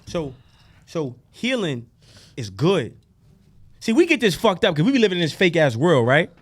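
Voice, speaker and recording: A man talks on a podcast as a guest, preaching and storytelling with a foul mouth and lots of energy. His voice sits high and leaps around a lot. He tends to drop to a murmur and then burst out loud. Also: normal speed. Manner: preachy, animated, profane storytelling. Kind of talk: casual podcast conversation.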